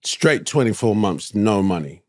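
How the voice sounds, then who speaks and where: London guy, lowish voice, chill slangy storytelling, dry close sound. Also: big pitch swings, measured pace, dry recording. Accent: London English. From East London, England. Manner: laid-back, slangy, drifts between thoughts. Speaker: guest. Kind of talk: casual storytelling.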